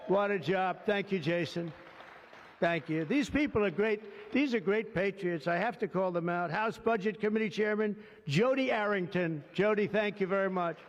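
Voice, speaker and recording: Man, fairly high voice, political leader giving a rambling ad-libbed speech full of praise; dull lo-fi sound in a long hall reverb. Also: moderate pace, a faint crowd. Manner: rambling, digressive, heavy on superlatives. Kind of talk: off-the-cuff ceremonial speech.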